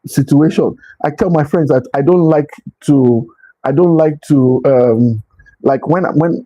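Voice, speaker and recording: A man's voice: fairly high pitch, dark tone, slightly rough, low-quality recording. A man giving a motivational leadership talk, earnest and repetitive, sometimes pleading with his listeners. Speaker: leadership speaker.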